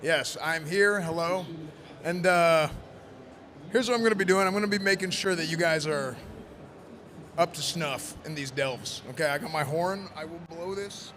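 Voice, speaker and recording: A man presenting in costume at a live event, joking and rambling loudly. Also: fairly high pitch, moderate pace. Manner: playful, rambling, loud. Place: convention event floor. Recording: noisy convention floor.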